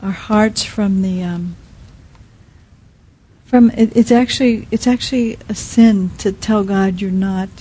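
A woman preaching a sermon in a soft, halting way, often dropping to a quiet hush. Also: medium pitch, fairly even intonation, breathy edge, rough recording. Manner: soft, halting, many restarts and fillers. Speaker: speaker at a Christian teaching.

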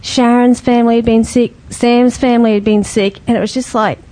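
A woman telling a personal story to a small group in a casual, lively way, laughing often and acting out the voices of the people she quotes. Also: a little high, a little fast, low-quality recording. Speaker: group member sharing a testimony.

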